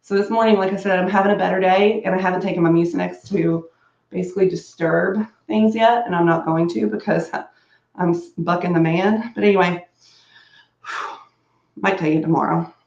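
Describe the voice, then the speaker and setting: A woman's voice: fairly low pitch, steady tone, normal speed, gravelly, a little mellow, reverberant, highs cut off. A woman chatting casually while getting ready at home, bubbly and rambling, laughing often and prone to coughing fits. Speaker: beauty vlogger. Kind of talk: casual chat.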